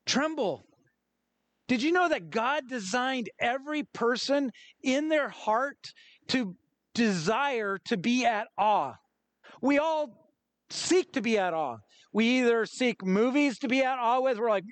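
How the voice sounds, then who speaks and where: A middle-aged pastor with a notably high voice preaches with energy, slipping into little acted-out quotes. The sound is dry and close, with almost no room around him. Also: male voice, unhurried, no room sound. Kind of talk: sermon.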